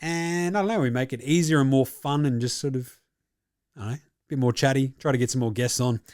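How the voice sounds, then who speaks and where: A man's voice: medium pitch, a little fast, darkish tone, no room sound, clean studio sound. A man with an Australian accent, hosting a sports podcast and signing off in a casual, matey chat with a fair bit of swearing. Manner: swearing, laid-back and matey. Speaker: podcast host.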